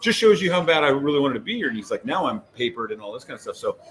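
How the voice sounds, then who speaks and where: Casting: male podcast co-host, mid-pitched, loose rambling storyteller, faint hiss behind. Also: rapid-fire. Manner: rambling, animated storytelling with many fillers. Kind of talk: casual chat.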